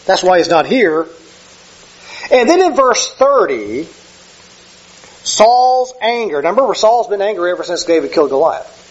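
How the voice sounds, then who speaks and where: Male preacher, high husky voice, chatty sermon delivery with self-corrections, dull lo-fi sound. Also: big pitch swings, normal speed, pauses often. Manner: conversational, self-correcting, acts out quoted speech. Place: church sanctuary with slides.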